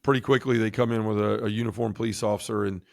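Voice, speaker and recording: A man's voice: on the low side, fairly even intonation, fast, vocal fry, dry recording, clean studio sound. A man telling his personal faith testimony as a guest, vividly acting out what people said. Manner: vivid storyteller, acts out quoted speech.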